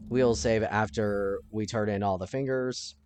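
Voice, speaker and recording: A man giving casual let's-play commentary, thinking aloud and now and then breaking into panicked yelling. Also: lowish voice, steady tone, unhurried, faint music behind.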